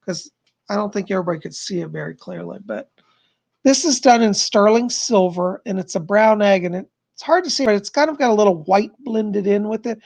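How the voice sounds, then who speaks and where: A middle-aged man with a strained, gravelly voice, chatting with viewers and leading a guided meditation on a live stream. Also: high-pitched, lively intonation. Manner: chatty, gentle, thanks viewers by name; slow soothing guidance in meditation. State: strained, worn voice. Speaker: psychic medium streamer.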